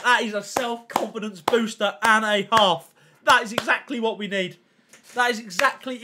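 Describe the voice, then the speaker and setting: A young man chats casually with viewers on a gaming livestream in a very high voice, with slight background noise. He's excitable and slangy, constantly thanking chat and reacting loudly to pack openings.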